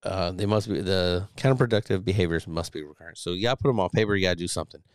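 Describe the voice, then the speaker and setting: A man's voice: low voice, rapid-fire, clear, resonant tone, no room sound, studio quality. A man hosting a podcast who reads an article aloud and rambles through casual, profane commentary with many restarts. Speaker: podcast host.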